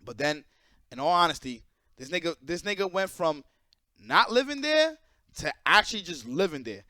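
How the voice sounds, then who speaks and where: A man hosting his own channel, telling a story in a casual, animated and profane way. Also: a little high, moderate pace, dry recording, clean studio sound. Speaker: channel host.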